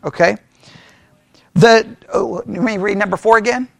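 A man teaching a church Bible study in an animated way, often checking with the class and acting out the voices of people who disagree. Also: high voice, measured pace, creaky, dry recording, clean studio sound. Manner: animated, talks to the class with frequent "right?" checks; mimics opponents in mocking quoted voices.

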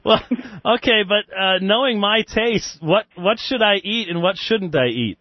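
A man hosts a radio call-in show, chatting casually and lively with callers, chuckling often and using plenty of fillers. His voice sits high and a little slow, with dull, dry radio sound and no room sound.

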